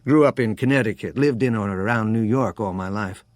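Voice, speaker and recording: A man's voice: lowish voice, a little fast, dry recording, natural voice. A man reading a weary American wine trader.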